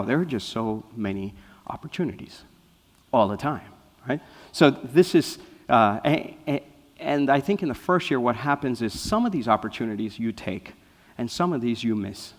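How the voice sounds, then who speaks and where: Male guest speaker, lively storyteller, mid-pitched, long hall reverb. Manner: lively storyteller, often asking "right?". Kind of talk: anecdotal inspirational talk. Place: spiritual center hall.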